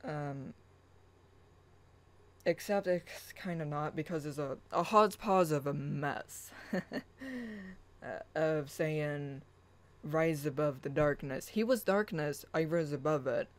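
A spiritual channel host talking slowly and earnestly, mixing a casual rant with reading aloud their own writing in a chant-like way. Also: mid-range voice, expressive, poor audio. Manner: slow, earnest, chant-like affirmations.

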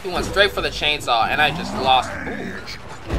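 A man giving live gameplay commentary, excitable and profane, muttering one moment and shouting the next. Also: on the high side, unhurried, noisy background.

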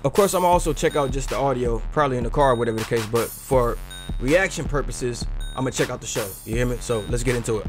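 A young adult man hosting a casual reaction video, slangy and animated, bursting into loud exclamations. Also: medium pitch, fast talker, soft background music.

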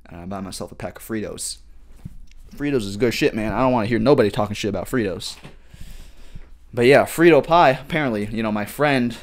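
Profane rambling young podcast guy. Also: on the low side. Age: 20s. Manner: rambling and profane, heavy slang, animated outbursts. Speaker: podcast host. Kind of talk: solo comedic podcast rant.

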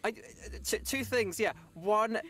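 A man's voice: high-pitched, takes it slowly. A young British man, a guest voice actor, chatting casually on a game stream, hedging and rambling with lots of fillers. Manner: rambling, hedging, lots of likes and kind-ofs.

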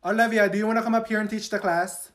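A man's voice: high voice, fairly even intonation, fast talker, fairly bright tone, voice pushed up. A man voicing a stern female schoolteacher who scolds her class with sarcasm in a comedy skit. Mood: scolding.

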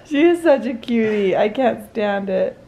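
A woman's voice: fairly high pitch, lively intonation, a little slow, creaky, a crowd in the background. A woman chatting affectionately on a family vlog, amused by her kids and signing off to viewers. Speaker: family vlogger, mother. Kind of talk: casual family vlog chat.

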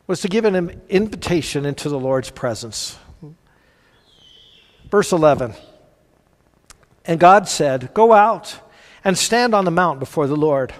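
A man preaching a sermon as pastor, earnest, swinging between loud emphasis and hushed quiet. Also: high-pitched. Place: church sanctuary. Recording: church hall reverb.

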